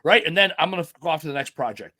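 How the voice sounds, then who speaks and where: A man's voice: a little high, racing, sharp tone, no echo, studio quality. A middle-aged man hosting a podcast, telling rambling, profane stories in casual chat. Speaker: podcast host.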